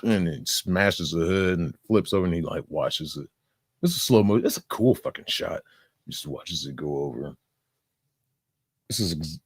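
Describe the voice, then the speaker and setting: A man's voice: deep voice, breathy edge, no room sound. A man rambling casually and profanely through commentary, dropping sound-effect fillers and laughing now and then. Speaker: reaction streamer.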